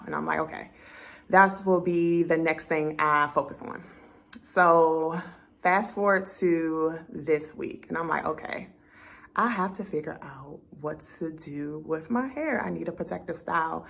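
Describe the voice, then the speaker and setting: A woman's voice: fairly low pitch, normal speed, vocal fry. Chatty woman telling a story. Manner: chatty, animated, acts out her own conversations. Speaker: vlogger. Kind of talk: casual storytelling to camera.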